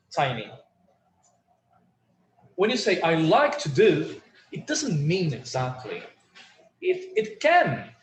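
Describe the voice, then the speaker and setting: A man teaching an online English lesson, chatty and full of fillers, leading the class through phrases to repeat. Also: a little high. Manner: chatty, many fillers, drills phrases for repetition. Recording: roomy echo with faint room noise.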